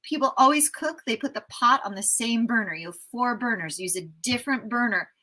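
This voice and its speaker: A woman's voice: a little high, fairly quick, rough recording. An enthusiastic American woman in her fifties, a travel writer telling stories as an interview guest. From United States. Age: 50s. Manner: enthusiastic, animated storyteller. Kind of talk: casual storytelling interview.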